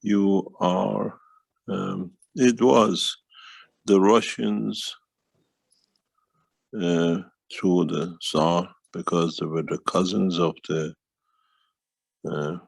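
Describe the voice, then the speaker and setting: Man, very deep voice, gravelly, husky, slow rambling talk, dry sound. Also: fairly even intonation, no echo, low-quality recording. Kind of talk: casual conversation.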